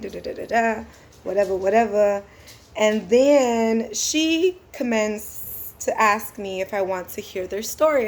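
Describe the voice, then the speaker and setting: A woman's voice: mid-range voice, takes it slowly, a little mellow. A woman who drives for a rideshare service, telling a casual storytime vlog in a laid-back, slangy, chatty way.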